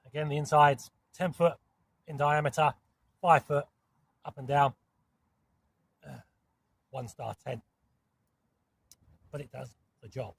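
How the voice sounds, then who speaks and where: A man with a gravelly voice and a southern English accent talks to camera from inside a small hot tent in woodland. His rambling, chatty delivery is peppered with mild swearing and quick apologies. Soft outdoor ambience hangs faintly behind him. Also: fairly high pitch, fairly even intonation, slight background noise. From southern England. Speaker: camping vlogger. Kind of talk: casual talk to camera.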